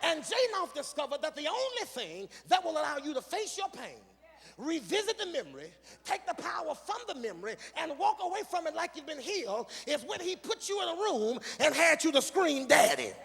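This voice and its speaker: A male pastor preaching a sermon, moving from quiet teaching into shouted, sung calls to the congregation. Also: very high-pitched, big pitch swings, a little fast, creaky. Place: large church sanctuary. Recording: long hall reverb with faint music.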